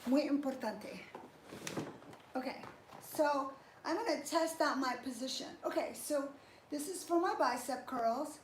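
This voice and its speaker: In an indoor workout space, a woman fitness trainer with a high voice talks through a live workout at a moderate pace, chatty and encouraging as she exercises. The room is echoey, with faint background noise.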